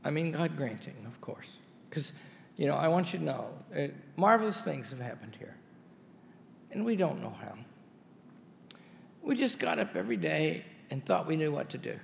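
Gravelly older-sounding college head, lively pitch, wry folksy speech in a reverberant hall. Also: male voice, moderate pace, slight background noise. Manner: wry, folksy storytelling with asides. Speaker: college president. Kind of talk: anniversary speech to an audience. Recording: hall reverb with faint ambience.

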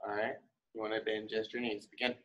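Man coaching a martial arts warm-up. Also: fairly low pitch, level tone, a little fast, poor audio. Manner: coaching, encouraging, casual asides. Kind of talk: leading an online warm-up class.

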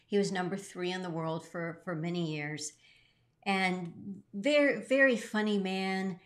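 A middle-aged woman co-hosting a show, earnestly telling an emotional personal story with swings in her voice. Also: lowish voice. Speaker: co-host. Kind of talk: heartfelt storytelling.

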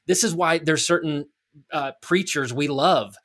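A man's voice: on the high side, unhurried, a bit bright. A middle-aged man on a podcast, laying out his point earnestly, step by step, in casual talk. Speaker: podcast co-host.

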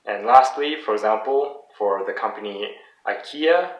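A man's voice: on the low side, moderate pace, highs cut off. A man who learned French as a second language, giving a casual video lesson and patiently repeating example words. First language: English. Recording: roomy sound from a distant mic.

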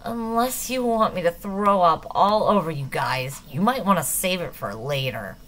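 A woman's voice: fairly low pitch, animated, normal speed, close to an everyday voice. A woman reading an audiobook, voicing a blunt, impatient teenage boy who speaks with curt scorn.

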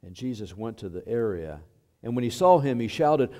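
A man preaching a sermon as pastor, unhurried and filling pauses with small hesitations. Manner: unhurried and lively in pitch, with fillers. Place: church sanctuary.

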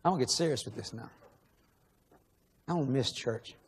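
A man's voice: mid-range voice, moderate pace, slightly rough. A man preaching a sermon in a large church, emotional and pleading, asking the same questions again and again. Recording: long echo of a large hall.

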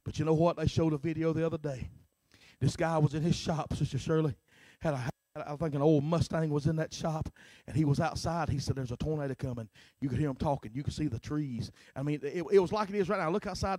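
A middle-aged man preaching a sermon as pastor, starting lines with a filler "uh" and swinging from shouts to hushed talk. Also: on the high side, no room sound. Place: church sanctuary.

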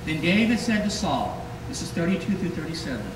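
A man's voice: fairly high pitch, a little fast, few pauses. Man preaching in an echoey hall. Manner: lively storytelling, acting out quoted voices. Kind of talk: sermon. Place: church sanctuary. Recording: echoey hall from far off, noisy.

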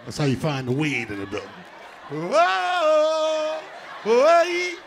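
A man doing a live stand-up set, loud and animated, shouting out punchlines and acting out other people's voices. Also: medium pitch, rapid-fire, some chatter behind, slight background noise. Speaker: stand-up comedian. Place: theater stage before a live audience.

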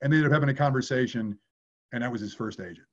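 A man's voice: medium pitch, fast talker, highs cut off. A man working as an acting coach, answering viewer questions in a candid way and swearing casually.

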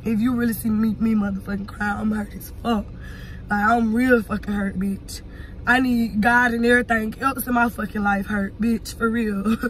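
A woman's voice: a little high, flat delivery, moderate pace, slight background noise. A young woman vlogging casually from a car, talking in a profane, brash, rambling way. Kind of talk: casual vlog rant.

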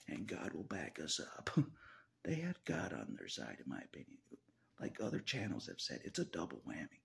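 Male vlogger: very low, gravelly voice, wildly swinging pitch, frequent laughs and whispered asides. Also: wildly swooping pitch, moderate pace, a bit bright. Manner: laughs often between phrases, swears, drops into whispers. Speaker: video blogger. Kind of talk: casual confessional monologue.

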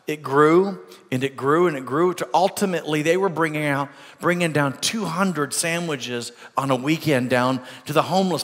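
A man's voice: fairly high pitch, a bit bright. Earnest man preaching in a reverberant church. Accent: American. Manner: storytelling, earnest, with repeated phrases. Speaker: pastor. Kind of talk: sermon. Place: church sanctuary.

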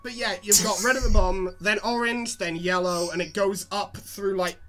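A woman's voice: medium pitch, normal speed, fairly bright tone. A woman co-hosting a casual webcomic read-through, swearing and explaining as she goes. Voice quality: swears and laughs often, explains between jokes. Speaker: podcast co-host. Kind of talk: casual chat reading a webcomic.

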